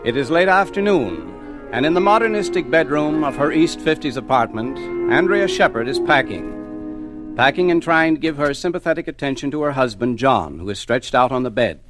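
A man's voice: on the high side, expressive, moderate pace. A man announcing and narrating a 1940s radio drama, in a formal, declamatory style. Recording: old radio broadcast with music.

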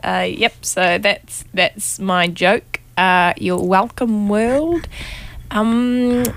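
A woman's voice: medium pitch, extremely slow, vocal fry, fairly bright tone, clear, resonant tone. A woman co-hosting a radio show in casual chat, giggly and self-deprecating while she tells a joke. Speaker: radio co-host.

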